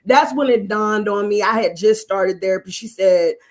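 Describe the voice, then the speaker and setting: A woman's voice: medium pitch, moderate pace. A woman singer and actress, a guest on a live-stream interview, telling her story in an earnest, reflective way.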